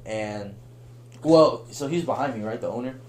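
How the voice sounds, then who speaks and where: A young man telling a long story on a podcast in a casual, animated way, laughing and acting out the voices of the people in it. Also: mid-range voice, normal speed, slight background noise. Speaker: podcast guest.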